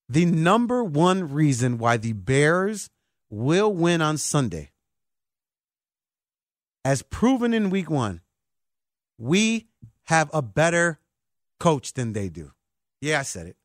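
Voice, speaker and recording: Pumped sports talk guy, slightly high voice, really bouncy, dry mic. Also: takes it slowly, long pauses, no echo. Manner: excitable, emphatic, hyped fan. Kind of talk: animated sports podcast talk.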